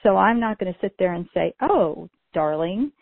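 Chatty woman with a gravelly, phone-like sound. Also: medium pitch, steady tone, fast, no echo. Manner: chatty, storytelling, many "you know" fillers. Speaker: podcast co-host. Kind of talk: casual podcast conversation. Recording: dry, phone-like narrow sound.

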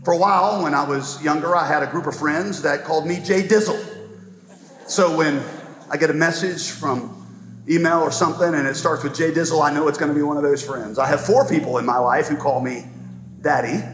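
A man preaching a sermon as pastor, earnest, with slow dramatic emphasis and touches of light humor. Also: fairly high pitch, fairly bright tone, a little hiss or hum. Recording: reverberant hall with faint music.

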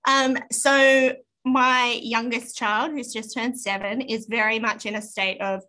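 A woman in her thirties with an Australian accent, chatting casually as a podcast co-host and telling animated stories about her kids. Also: on the high side, a little slow. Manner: animated storyteller, acts out her children's whiny voices. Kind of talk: casual chat.

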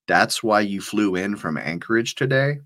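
Casting: man reading a nervous nerdy analyst, low and flustered. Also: lively intonation, moderate pace, fairly bright tone. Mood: pressing. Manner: flustered, incredulous questions.

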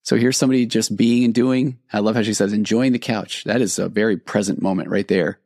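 A man's voice: fairly low pitch, fairly even intonation, brisk, a little mellow, dry recording, clean studio sound. A middle-aged man, a therapist hosting a podcast, talks earnestly and conversationally about listener stories, often restarting his sentences. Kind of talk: reflective podcast monologue reading listener stories.

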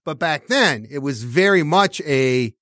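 A man's voice: fairly high pitch, expressive, a little slow, a bit bright, dry recording, studio quality. A man hosting a podcast in casual sports chat, rambling with many restarts and laughing as he talks. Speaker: podcast host.

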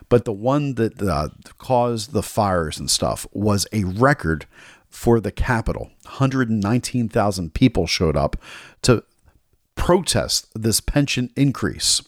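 A man's voice: fairly low pitch, dry recording, studio quality. An American man hosting a political talk show, delivering an indignant, sarcastic monologue.

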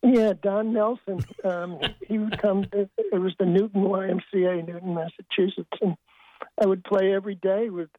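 An older man, a sportswriter guest, telling wry anecdotes in a halting way with many restarts. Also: high voice, fairly even intonation, no room sound. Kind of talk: storytelling interview. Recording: tinny dry phone line.

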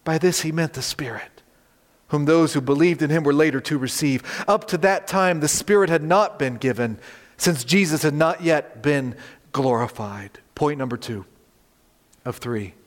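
A male pastor preaching a sermon, animated, rising loud on quoted words and turning to the congregation with conversational asides. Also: a little high, moderate pace, long reverb tail.

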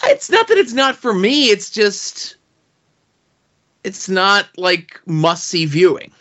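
A man's voice: high voice, very animated, slow pace, sharp tone, muffled recording. A man co-hosting a wrestling podcast in casual chat, hesitant and full of fillers and restarts. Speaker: podcast co-host.

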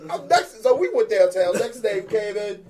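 A man co-hosting a podcast, telling school stories in casual chat, laughing often and loudly acting out what others said. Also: high voice, moderate pace. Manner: animated, laughs often, acts out quotes loudly. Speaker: podcast co-host.

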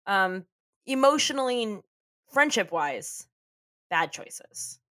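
A woman's voice: medium pitch, very animated, slow, sharp tone, no echo, studio quality. A woman co-hosting a podcast, chatting casually as she recaps a TV episode, laughing often and swearing freely. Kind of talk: casual chat.

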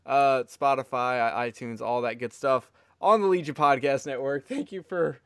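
A man's voice: mid-range voice, moderate pace, a bit bright, smooth, no echo, clean studio sound. A man hosting a casual podcast interview, rambling and enthusiastic, swearing freely. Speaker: podcast host.

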